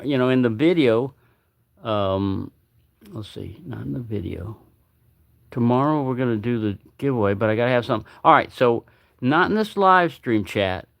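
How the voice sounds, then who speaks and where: Male livestream host, rambling chatty delivery, dry close sound, mid pitch. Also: gravelly, dry recording. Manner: rambling, chatty, repeats himself. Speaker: knife channel host. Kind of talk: casual livestream chat.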